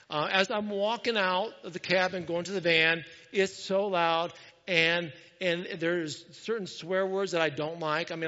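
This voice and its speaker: A pastor telling a story in a sermon, animated and self-mocking, acting out what people said. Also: male voice, fairly high pitch, in a large hall, muffled recording.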